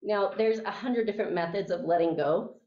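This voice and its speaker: A class instructor speaks at normal speed in a medium-pitched, dark-toned voice, chatting through a story and regularly asking her listeners "okay?" or "right?". It's recorded in an echoey room with the mic far away, giving dull sound.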